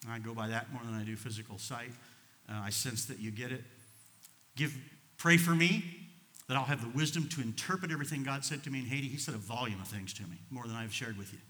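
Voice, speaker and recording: A man preaching a sermon as pastor, emotional, moving from quiet storytelling to loud, fervent preaching. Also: mid-range voice, steady tone, fast talker, big-room sound. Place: church sanctuary.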